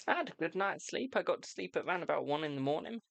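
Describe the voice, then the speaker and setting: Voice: medium pitch, lively intonation, quick pace, creaky, a bit bright, dry recording. A tarot reader hosting a casual livestream, chatty and informal, talking straight to the viewers while sounding tired. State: tired, yawning.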